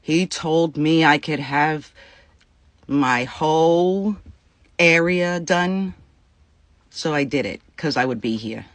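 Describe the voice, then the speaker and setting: A woman's voice: sits low, takes it slowly, long pauses, dry recording. A woman venting to her viewers about a personal dispute, upset and near tears, swearing freely and talking in bursts. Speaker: vlogger. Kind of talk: casual venting to camera.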